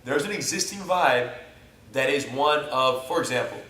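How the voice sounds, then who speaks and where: A man's voice: medium pitch, normal speed, a little hiss or hum. A man from the United States, a jiu-jitsu instructor, chatting casually and acting out scenarios with jokes. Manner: animated, jokey, acts out scenarios. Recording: echoey room, mic at a distance.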